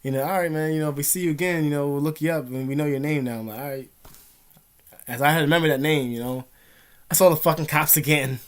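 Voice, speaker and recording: Fast-talking agitated young man, swearing. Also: mid-range voice. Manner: agitated, heavy swearing, rambling. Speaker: vlogger. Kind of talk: casual storytelling to camera.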